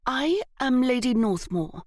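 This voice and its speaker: A woman's voice: high-pitched, sing-song, a little slow, a little mellow, no room sound, clean studio sound, pitched above the performer's own voice, heavily acted. Young aristocratic heroine, severe and haughty, voiced by a woman narrator. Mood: commanding.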